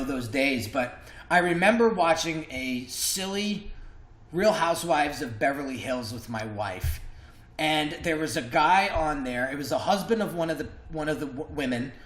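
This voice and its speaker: A man's voice: fairly high pitch, fairly bright tone. A man as a podcast guest telling an emotional personal story, earnest and passionate, often restarting his sentences over a call. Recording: roomy echo.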